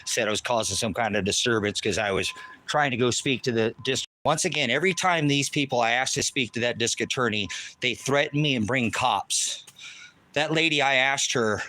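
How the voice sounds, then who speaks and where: Outdoors on a handheld phone, a livestreamer rants angrily, swearing heavily and repeating himself in an agitated way. His voice is medium in pitch, at normal speed, sounding pushed and bright.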